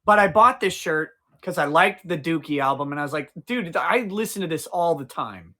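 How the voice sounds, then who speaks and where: A man's voice: on the high side, animated, moderate pace, bright, forceful tone. Profane, rambling male livestream host. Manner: profane, rambling, talks to chat. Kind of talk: casual livestream chat. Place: outdoors.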